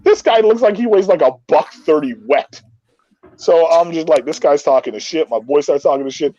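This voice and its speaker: Brief: high-voiced man spinning a rowdy tale, swears freely, dry and dull recording. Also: normal speed, dry recording. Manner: animated, profane, repeats himself. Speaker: co-host telling a story. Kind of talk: casual storytelling.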